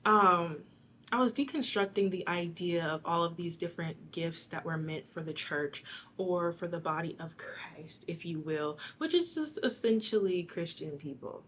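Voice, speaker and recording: A young woman giving a casual tarot reading, rambling and chatty with a slightly raspy, hoarse voice. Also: on the low side, moderate pace, a bit bright, a little hiss or hum. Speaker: tarot reader.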